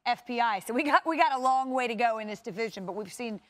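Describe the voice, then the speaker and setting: A woman's voice: on the high side, animated, over a noisy crowd. A woman hosting a sports studio show, steering a panel discussion in a conversational way. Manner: conversational, leads the panel with quick questions. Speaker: studio host.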